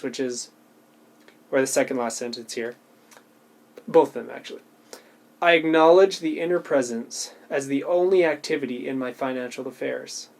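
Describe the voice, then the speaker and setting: A man talking reflectively to camera about a personal practice, thoughtful and halting, often restarting his sentences. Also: medium pitch. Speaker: video creator sharing a personal practice. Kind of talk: reflective casual talk to camera.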